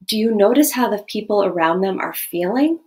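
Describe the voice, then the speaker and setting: A woman teaching a lesson to children and families in a gentle, questioning way. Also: medium pitch, fairly quick. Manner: gentle, questioning, animated demonstrations.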